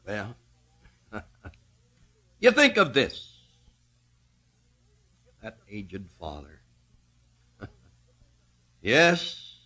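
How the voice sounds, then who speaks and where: A man preaching a sermon, slow and emphatic, rising and falling sharply in pitch and loudness. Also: breathy edge.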